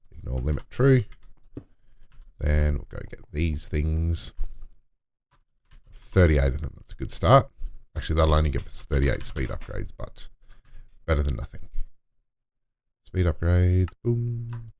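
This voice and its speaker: A man's voice: rumbling low, gravelly, darkish tone. A man giving casual gameplay commentary, muttering to himself and talking to in-game items as he builds. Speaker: let's play gamer.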